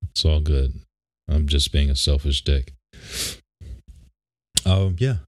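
A man's voice: very deep voice, takes it slowly. A young man co-hosting a podcast, chatting in a laid-back, rambling way and laughing often. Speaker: podcast co-host. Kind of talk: casual chat. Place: home office.

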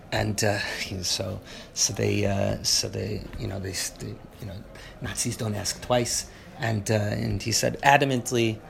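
A man teaching a Torah class, halting with many restarts and fillers, moving between low reflective talk and loud fervent teaching. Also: fairly even intonation, creaky, a little hiss or hum.

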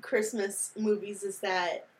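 A woman's voice: mid-range voice, level tone, slow pace. A young woman co-hosting a podcast, chatting casually while they watch a movie, laughing often and acting out lines as she quotes them. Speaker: podcast co-host.

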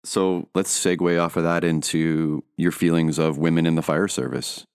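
Very deep-voiced male interviewer, dry. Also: steady tone, normal speed, a little mellow, smooth, no echo. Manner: short, dry reactions and plain questions. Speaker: interviewer host. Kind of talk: casual interview.

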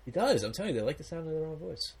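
A man's voice: a little high, big pitch swings, racing, a little mellow, breathy edge. A man talks loosely and crudely in a casual podcast conversation. He rambles through stories, swearing and laughing along the way. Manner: rambling, profane, laughs often. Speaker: podcast co-host. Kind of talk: casual chat.

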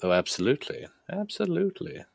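A man voicing a smooth, scheming male businessman in a tabletop game, talking in an unhurried, knowing way. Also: on the high side, sing-song, heavily acted.

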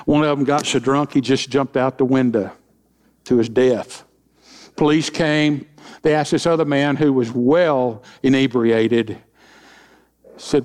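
A man's voice: mid-range voice, measured pace, darkish tone. A middle-aged man preaching as senior pastor, in a folksy way with joking asides and acted-out quotes. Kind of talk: sermon with humorous stories.

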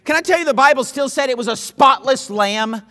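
A man preaching a sermon, emphatic and repetitive, swinging between loud pleas and hushed lines. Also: very high voice, fairly quick, big-room sound.

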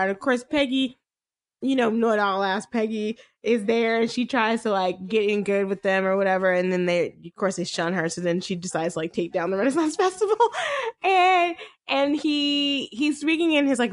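A woman co-hosting a casual movie recap chat, animated and laughing often, swearing freely. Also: mid-range voice. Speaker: podcast co-host.

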